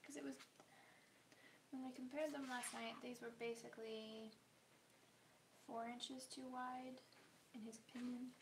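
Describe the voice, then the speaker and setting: A woman with a slightly high, gravelly voice talks slowly through her sewing on a home livestream. She keeps slipping into muttered whispers to herself. The audio carries clear background noise. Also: level tone. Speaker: sewing vlogger. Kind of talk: casual livestream chat while sewing.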